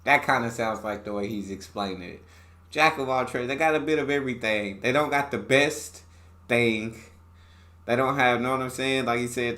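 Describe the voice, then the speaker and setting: Relaxed man reacting with bright tone. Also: medium pitch, moderate pace. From United States. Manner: relaxed, repeats points back in his own words. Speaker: reaction channel host. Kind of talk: casual reaction commentary.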